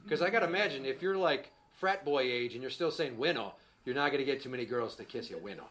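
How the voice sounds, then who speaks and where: A man's voice: medium pitch, expressive, quick pace, a bit bright, a little hiss or hum. A man in his thirties doing a stand-up set about his kids, profane and exasperated, telling stories on a handheld mic in front of a live audience. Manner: profane, exasperated storytelling, voices his young son. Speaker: stand-up comedian. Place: small comedy stage before a live audience. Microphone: handheld microphone.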